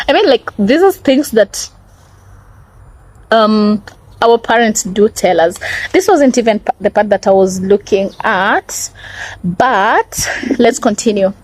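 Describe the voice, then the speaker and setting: A woman's voice: medium pitch, takes it slowly, pauses often, slight background noise, poor audio. A woman talking casually in a book review vlog, explaining passages and checking in with "okay?".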